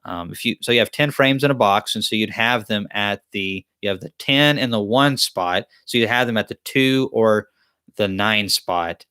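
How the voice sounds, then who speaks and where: A man's voice: lowish voice, moderate pace, bright, forceful tone, clean tone, dry recording, clean studio sound. A man hosts a live-stream Q&A, reading chat questions aloud and answering them in a joking, rambling, self-deprecating way. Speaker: beekeeping channel host.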